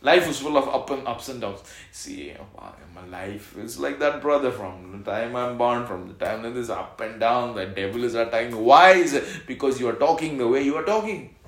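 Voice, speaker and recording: A man preaching a sermon as pastor, calling out lines for the congregation to repeat and swinging between loud exhortation and soft reassurance. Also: medium pitch. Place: church hall. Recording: echoey church hall.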